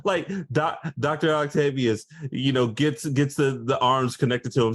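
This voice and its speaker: A man's voice: a little high, moderate pace, hardly any pauses. A man co-hosting a casual podcast, laughing often and acting out scenes. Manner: animated, laughing, acts out quotes. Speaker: podcast co-host. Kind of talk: casual chat.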